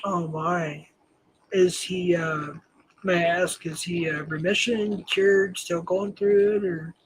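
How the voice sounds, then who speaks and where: Husky high-voiced older man chatting. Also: fairly even intonation, takes it slowly, poor audio. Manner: rambling, self-deprecating, laughs often. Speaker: livestream host. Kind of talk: casual livestream chat.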